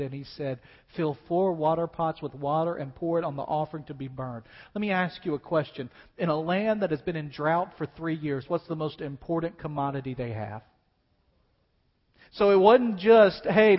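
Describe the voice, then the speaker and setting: A man preaching a sermon dramatically, swinging between loud declaiming and hushed asides. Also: on the high side. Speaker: pastor. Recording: dull sound with long reverb in a large hall.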